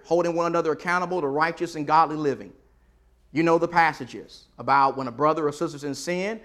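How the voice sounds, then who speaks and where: Man preacher, sermon, slightly high voice, conversational, reads verses aloud with emphasis. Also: fairly bright tone. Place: church auditorium.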